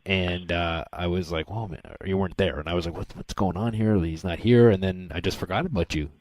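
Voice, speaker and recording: Deep-voiced man telling a lively story. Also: a little fast, no room sound. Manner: animated storyteller, acts out quotes. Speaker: podcast co-host. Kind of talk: casual chat.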